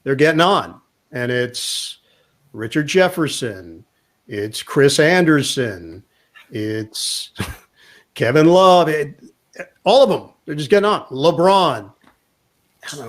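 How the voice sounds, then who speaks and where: A man, a sportscaster, telling a long anecdote in a casual interview and acting out the quotes. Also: fairly high pitch. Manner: lively storyteller acting out quotes. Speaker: sportscaster guest. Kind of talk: storytelling anecdote in a chat.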